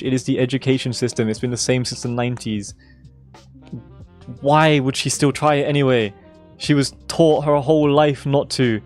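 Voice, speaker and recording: A young man streaming a game, talking in an emphatic, repetitive way with swearing, his voice going hoarse. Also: medium pitch. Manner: emphatic, swearing, repeating himself for stress. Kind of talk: casual live-stream rant.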